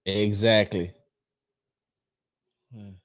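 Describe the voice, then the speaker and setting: A man's voice: fairly low pitch, little pitch movement, drawn-out words. A man hosting a casual sports livestream, ranting at a troll in the chat. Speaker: livestream host. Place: home streaming setup.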